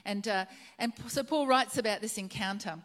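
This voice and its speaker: A woman's voice: mid-range voice, fairly quick, a bit bright. A woman preaching a sermon, retelling a story earnestly and repeating her key phrases for emphasis.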